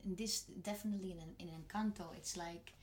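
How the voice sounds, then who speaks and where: A woman in her twenties with a Dutch accent, a voice actress talking in a relaxed interview, soft-spoken and often dropping to a near whisper. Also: medium pitch, brisk, slight background noise. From Netherlands. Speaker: voice actress and singer. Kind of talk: casual interview chat.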